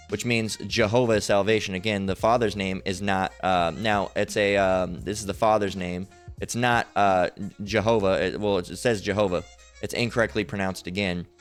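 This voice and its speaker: A man giving an informal Bible teaching, hesitant and full of fillers, who keeps checking in with "all right?". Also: lowish voice. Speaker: religious teacher. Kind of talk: informal Bible teaching over screen share.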